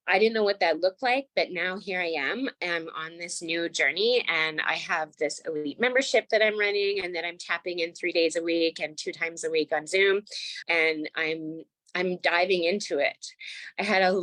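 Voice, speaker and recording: A woman's voice: fairly low pitch, fairly bright tone, no room sound, low-quality recording. A woman in her forties telling her personal story as a guest on a video call, earnest and chatty, with many "like"s. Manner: earnest, chatty, says "like" often. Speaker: tapping practitioner and guest.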